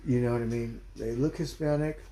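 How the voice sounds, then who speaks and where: A man's voice: medium pitch, steady tone, fairly quick, noisy background. A man hosting a livestream, ranting bluntly and heatedly in casual, profane commentary. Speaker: livestream host. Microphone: streaming mic.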